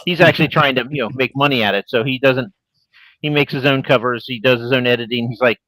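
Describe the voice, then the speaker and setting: A talkative man spinning anecdotes and tips in a casual panel chat, at a middle pitch. His voice comes across very dry and close, with no room sound at all. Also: quick pace, a bit bright, dry recording, low-quality recording. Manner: chatty storyteller, gives advice. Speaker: indie author on a panel.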